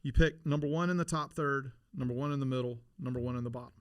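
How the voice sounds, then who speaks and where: A middle-aged man telling stories in a casual interview, animated and laughing, with many restarts. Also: mid-range voice, fast, dry recording. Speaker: podcast guest, former Navy SEAL.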